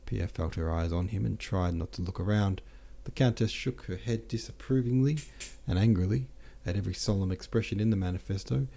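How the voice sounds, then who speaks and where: A man narrating a classic novel as an audiobook, steady and correcting himself now and then. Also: sits low, creaky. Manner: steady, with small self-corrections. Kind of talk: audiobook reading.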